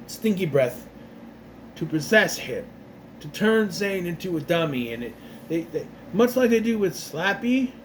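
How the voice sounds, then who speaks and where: A man whose voice is a little high gives a rambling, casual recap of a TV episode, often restarting and acting out characters' lines in quick voices. A slight hiss or hum sits under the audio.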